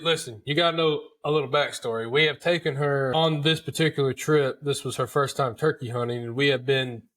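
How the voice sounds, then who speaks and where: A man's voice: mid-range voice, fairly bright tone. A man, hosting a podcast and telling a hunting story in a chatty, folksy way. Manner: chatty, folksy, repeats words and calls listeners dude. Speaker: podcast host. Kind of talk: casual storytelling.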